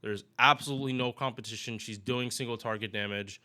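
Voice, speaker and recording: A man's voice: mid-range voice, steady tone, a little fast, bright, forceful tone. A man giving casual, rambling game commentary to his viewers, often restarting his sentences and chatting directly to them. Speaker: gaming YouTuber.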